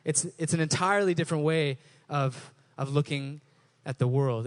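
A man's voice: fairly high pitch, moderate pace. Man preaching a casual, conversational sermon. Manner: conversational, repeats words when rephrasing. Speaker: pastor.

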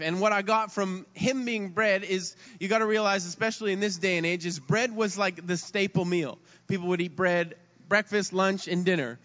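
A high-pitched man delivers a sermon from the pulpit, earnest and prone to repeating words as he builds his point. His voice rings with the long reverb of a large hall, and the recording sounds somewhat dull. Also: fairly bright tone. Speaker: pastor.

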